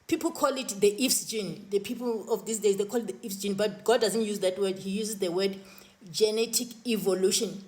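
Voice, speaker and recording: A woman's voice: mid-range voice, normal speed, a little mellow. A woman earnestly recounting her spiritual visions to camera, often restarting and repeating words. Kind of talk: personal testimony to camera.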